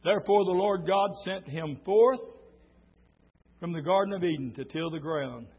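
A middle-aged man preaching a sermon, telling stories and swelling into shouted preaching, heard on a dull lo-fi church recording. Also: high voice, normal speed, breathy edge.

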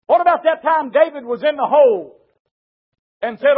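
A man preaching a sermon, telling a story emphatically and swinging from shouts to hushed tones. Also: very high-pitched, lively intonation, normal speed, pauses often, a faint crowd. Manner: storytelling with repeated "said". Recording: dull lo-fi recording.

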